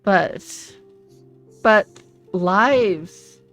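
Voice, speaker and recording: A woman's voice: medium pitch, drawn-out words, a bit bright, muffled recording, faint music behind, pitched above the performer's own voice. A woman voicing a distressed young woman who stammers and pleads, close to tears. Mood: pleading. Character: distressed young woman bound by a dark deal.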